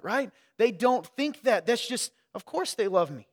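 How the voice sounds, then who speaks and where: A man preaching a sermon in a church, talking conversationally and swinging between quiet asides and loud emphatic stretches. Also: very high-pitched, sing-song, measured pace, long reverb tail. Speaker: pastor. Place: church sanctuary.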